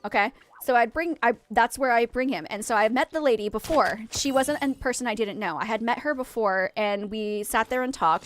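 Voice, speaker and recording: High-pitched gamer girl telling a story while she plays, chatty, animated, laughs a lot. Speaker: gaming streamer. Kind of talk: casual storytelling while gaming. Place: home office.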